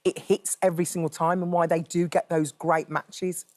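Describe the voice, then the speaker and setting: A woman's voice: lowish voice, level tone, moderate pace, a little mellow. A woman co-presenting a morning TV show, chatty and upbeat with the guest. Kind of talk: presenter chat.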